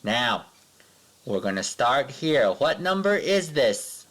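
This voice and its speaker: A man's voice: mid-range voice, sing-song, a bit bright. Sing-song man teaching young children. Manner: patient, sing-song, drawn-out counting with pupils. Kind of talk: remote math lesson for young children.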